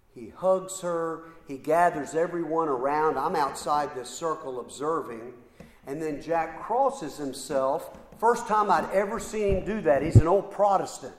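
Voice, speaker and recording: A middle-aged man tells a sermon story at an unhurried, halting pace, stacking one clause on the next. His voice sits a little high. It rings through a large, echoing hall with a long tail of reverb. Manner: slow, halting storyteller with repeated ands and pauses. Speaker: preacher.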